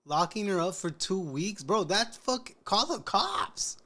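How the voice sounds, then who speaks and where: A woman's voice: medium pitch, animated, measured pace, fairly bright tone. A woman host giving short, shocked, profane reactions to a story. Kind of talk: casual chat.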